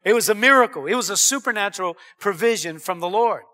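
A man's voice: sits high, expressive, fast talker, pushed and bright. A man preaching a sermon as pastor, earnest and emphatic, breaking into exclamations.

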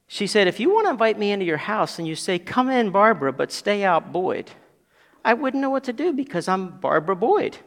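A man preaching a sermon as pastor, building to loud emphatic peaks and dropping to quiet asides. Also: high-pitched, big pitch swings, a little fast, vocal fry, in a large hall.

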